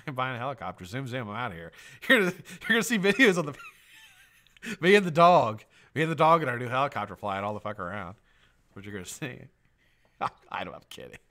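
Loud, swearing live-stream host. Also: male voice, medium pitch, sing-song, fairly quick, long pauses. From United States. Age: middle-aged. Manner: loud shout-outs, swears, jokey. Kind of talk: live stream chat, greeting viewers.

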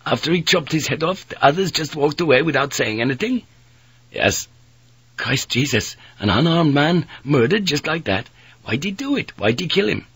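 A man voicing a frightened young sailor who has lost his teeth, with panicky, shrill outbursts. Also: lively intonation, brisk, fairly bright tone, breathy edge, dry recording, exaggerated voice. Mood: horrified. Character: fearful young male sailor, toothless.

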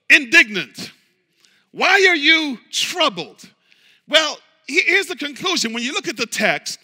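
High, bright-voiced preaching man. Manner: impassioned preaching, calling on the congregation; swings between shouting and hushed low talk. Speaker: pastor. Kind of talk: sermon. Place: church sanctuary. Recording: long hall reverb.

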